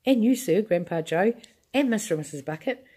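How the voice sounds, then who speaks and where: A woman voicing an excitable, eccentric male chocolatier who bustles and exclaims. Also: mid-range voice, brisk, slightly rough, voice pushed up. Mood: eager.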